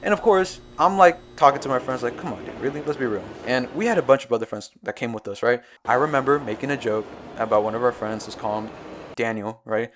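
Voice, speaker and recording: A young man narrating a storytime video in an excitable, jumpy way, full of quick asides. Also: medium pitch, slight background noise. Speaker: storytime YouTuber.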